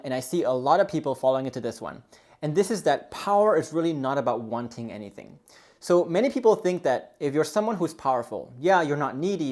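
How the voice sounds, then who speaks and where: A man's voice: fairly high pitch, a little mellow. A man speaking as a relationship coach in a coaching video, earnest and explanatory, leaning often on "really" and "you know". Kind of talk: coaching video talk to camera.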